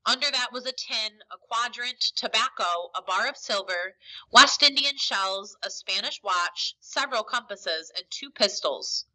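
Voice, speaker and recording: A woman's voice: on the high side, animated, unhurried, bright, forceful tone, low-quality recording. A woman teacher reading a story aloud expressively for a lesson.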